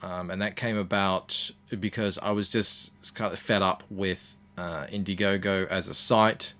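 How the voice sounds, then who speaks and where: A man's voice: low voice, measured pace. An Australian man, a comics creator, chatting casually as an interview guest and telling stories with plenty of ums and uhs. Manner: relaxed storytelling with many fillers.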